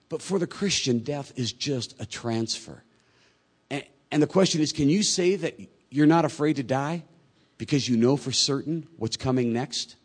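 This pastor's sermon is delivered in a husky, mid-range voice, moving conversationally from soft and slow to loud and quick. He animates the people he quotes with lively voices of their own.

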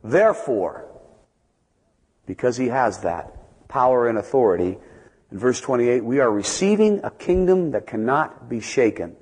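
A man preaching a sermon as a pastor, telling stories and building to loud, emphatic peaks before dropping back to quiet asides. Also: mid-range voice, lively intonation, a little slow, husky. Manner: storytelling, swings from soft asides to loud emphatic climbs. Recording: long reverb of a large hall.

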